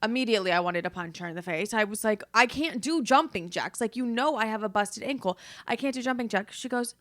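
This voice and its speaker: A woman's voice: medium pitch, animated, fast, few pauses, fairly bright tone. A young woman hosting a podcast in casual, rambling confessional chat, teary after crying, swearing freely. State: teary, just been crying. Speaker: podcast host.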